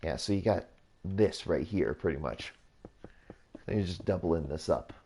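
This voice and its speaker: Low, mellow-voiced man rambling through a tutorial. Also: expressive, a little slow, slight background noise. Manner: rambling, repetitive, self-correcting. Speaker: YouTuber hosting a gaming channel. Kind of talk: casual build tutorial commentary.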